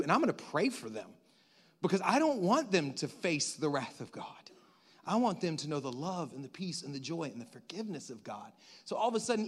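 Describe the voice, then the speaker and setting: A male pastor delivering a sermon with a notably high voice. He is animated, dropping to hushed tones and then rising to loud, shouted bursts as he acts out the people he describes.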